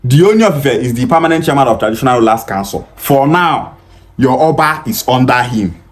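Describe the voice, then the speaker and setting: A man's voice: medium pitch, lively intonation, a little fast. A man with a Nigerian accent giving heated, mocking political commentary, switching between Pidgin and English. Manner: combative, mocking, emphatic, mixing Pidgin and English.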